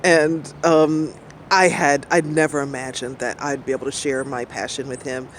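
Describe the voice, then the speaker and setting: A woman's voice: very deep voice, little pitch movement, normal speed. A middle-aged woman talks in a loose, rambling way, laughing often between thoughts. She is outdoors, and a faint hum of passing traffic sits under her voice. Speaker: streamer. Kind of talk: casual chat.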